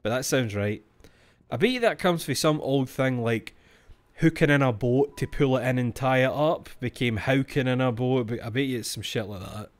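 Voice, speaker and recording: A man's voice: mid-range voice, moderate pace. A young Scottish man streaming a mystery game, reading its notes aloud and cracking jokes, swearing freely. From Scotland. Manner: swears freely, reads game text aloud, joking asides. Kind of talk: livestream gameplay commentary.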